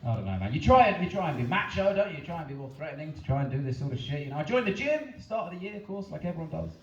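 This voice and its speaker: Animated, sweary male stand-up comedian. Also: fairly high pitch, rapid-fire, slight background noise. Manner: animated, sweary, self-mocking storytelling. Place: comedy venue stage. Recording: echoey venue, distant mic, dull sound.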